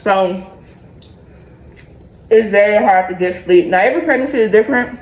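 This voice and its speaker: A woman's voice: fairly low pitch, normal speed, long pauses. A young woman in a casual pregnancy update vlog, chatty and loose, joking and laughing between her points. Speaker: vlogger. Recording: echoey room.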